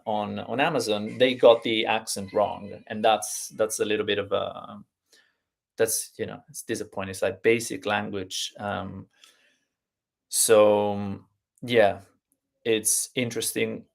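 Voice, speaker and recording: A man teaching a lesson live online, explaining slowly with many fillers and restarts. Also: fairly low pitch, steady tone, gravelly. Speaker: Italian teacher.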